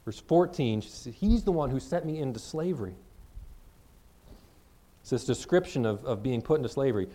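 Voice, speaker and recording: A man preaching a sermon, reading scripture verses slowly and then explaining them in plain, conversational words. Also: mid-range voice, mellow. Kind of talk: expository sermon.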